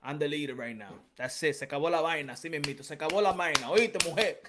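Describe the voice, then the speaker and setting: Fast and fairly high-pitched, a male podcast host delivers an emphatic, repetitive casual rant, sliding into Spanish phrases along the way. The recording is very noisy.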